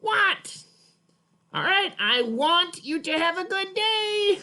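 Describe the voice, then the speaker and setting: A man voicing an eager little puppet boy who is learning words, excitable and childlike. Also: very high-pitched, voice pushed up, heavily acted. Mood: cheerful. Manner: excitable, childlike, slow and sing-song. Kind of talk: puppet show for teaching.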